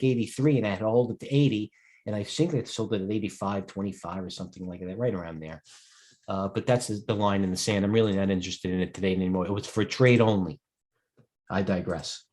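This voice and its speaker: A middle-aged man with a fairly low voice, talking through live market commentary as a host. He rambles and digresses, often breaking off to answer viewers' questions. He sounds tired throughout. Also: a little mellow. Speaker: host and stock broker.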